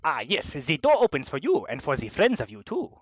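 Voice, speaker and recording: A man's voice: on the high side, wildly swooping pitch, a little fast, breathy edge, no echo, exaggerated voice. A man voicing a jolly male monster in a put-on German accent, chipper and showy.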